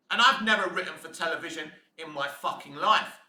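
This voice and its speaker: A man delivering a profane, ranting video commentary, swinging between low muttering and shouting. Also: fairly quick, roomy sound. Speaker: fan commentator.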